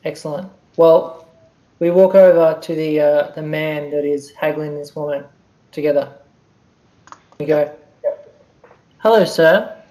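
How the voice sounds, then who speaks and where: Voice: mid-range voice, level tone, a little slow, pauses often, warm tone, poor audio. A player at a tabletop game, casually directing the others and speaking in character.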